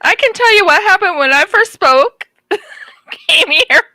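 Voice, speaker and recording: A woman chatting casually as a crafting collab guest, speaking slowly with a lively, often laughing manner. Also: extremely high pitch, no room sound, poor audio. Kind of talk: casual chat on a video call.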